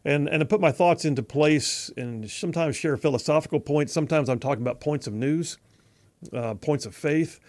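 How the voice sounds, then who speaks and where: A man's voice: on the high side, normal speed, a little mellow. A middle-aged man opens his show with a spoken monologue. His delivery is folksy and emphatic, and he leans on rhetorical questions to drive his points home. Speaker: radio host. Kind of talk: opinion monologue.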